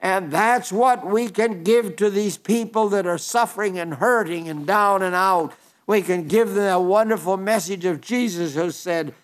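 A man preaching a radio sermon in an earnest, pleading way, slowing down to read scripture and poetry aloud. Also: sits high.

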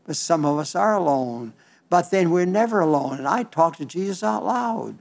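An older man preaching an Easter sermon in a folksy, halting way, often restarting his words. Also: on the high side, expressive, gravelly, darkish tone.

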